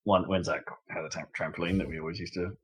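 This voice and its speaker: Podcast co-host, lowish voice, loose chatty storyteller with frequent laughs. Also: male voice, fairly even intonation, fast talker, husky. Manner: chatty storyteller, laughs often, trails off and restarts. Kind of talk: casual chat.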